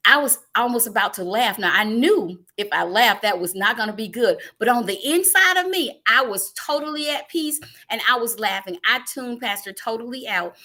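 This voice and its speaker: A middle-aged woman hosting a live online church talk show, telling stories in a lively, animated way. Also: fairly high pitch, normal speed, few pauses. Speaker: ministry host.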